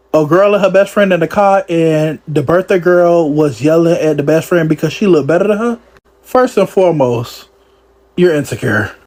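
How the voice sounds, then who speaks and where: A man giving casual reaction commentary in an animated, mocking way, laughing often. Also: high voice.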